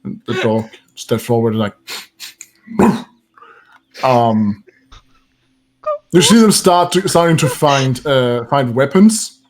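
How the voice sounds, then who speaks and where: A man narrating as game master in a tabletop game over voice chat, unhurried and hesitant, with many fillers and chuckles. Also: mid-range voice, animated.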